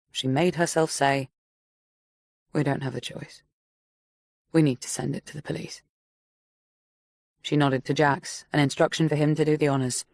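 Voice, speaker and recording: A woman narrating a story audiobook in a measured, steady reading voice. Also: low voice, no echo, studio quality. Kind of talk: scripted narration.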